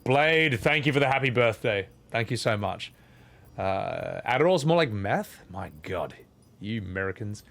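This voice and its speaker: A man's voice: fairly low pitch, expressive, measured pace, vocal fry, fairly bright tone. A man streaming a game, chatting casually with viewers, joking, laughing and swearing. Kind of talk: casual live-stream chat.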